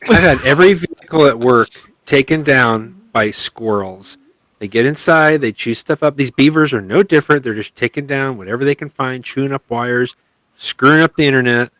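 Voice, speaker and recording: A man's voice: medium pitch, moderate pace, fairly bright tone, no room sound, low-quality recording. A man co-hosting a podcast, making wisecracks in casual banter. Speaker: podcast co-host.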